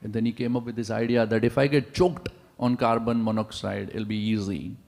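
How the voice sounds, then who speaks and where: Gravelly-voiced man preaching in a big hall. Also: lowish voice, a little fast. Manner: animated storyteller, asks the audience rhetorical questions. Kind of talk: sermon with storytelling. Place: large temple hall. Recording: long reverb of a large hall.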